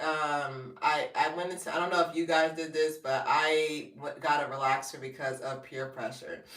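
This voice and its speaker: A woman, chatting live to viewers as a hair and fashion vlogger, telling animated stories and laughing often. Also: recorded from a distance. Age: 30s. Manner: animated storytelling, jumps high when quoting people. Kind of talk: casual live-stream chat. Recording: roomy, set back from the mic.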